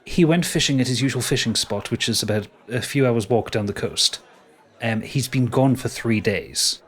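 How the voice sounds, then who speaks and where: A man's voice: medium pitch, moderate pace, fairly bright tone, breathy edge. A man voicing a tired, worried middle-aged fishwife who speaks hesitantly and apologetically.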